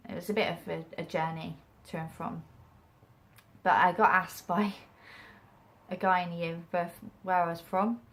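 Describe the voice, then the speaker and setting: Young Englishwoman, mixed regional accent, lower voice, rambling self-deprecating vlogger. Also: steady tone, moderate pace, pauses often, a bit bright. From England. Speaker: acting vlogger. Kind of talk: casual talk to camera.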